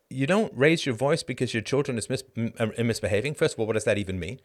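A middle-aged man with a mid-range voice reads news text aloud, then interrupts himself with sarcastic asides. His delivery is emphatic and his pitch leaps upward when he gets worked up. This is live-stream commentary. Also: expressive, fast, few pauses. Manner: sarcastic, emphatic, voice rises sharply when indignant. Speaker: podcast host.

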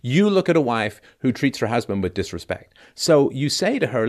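An animated male host giving advice on a call-in show. His pitch swings widely as he acts out both sides of an argument, playing the husband and then the wife, and his tone stays lively from one line to the next. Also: moderate pace, few pauses.

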